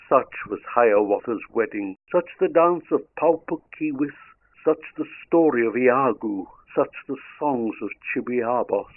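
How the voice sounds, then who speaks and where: A man's voice: mid-range voice, expressive. Man reading verse through a tinny line. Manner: measured, rhythmic verse reading. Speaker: audiobook narrator. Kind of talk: reading narrative poetry aloud. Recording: narrow phone-like lo-fi sound.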